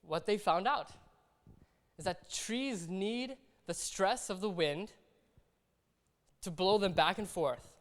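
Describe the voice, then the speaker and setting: Speaking slowly and leaving long pauses, a high-voiced pastor gives a sermon in a relaxed, conversational style. He enacts small everyday scenes throughout. Long reverb from the church hall fills the recording.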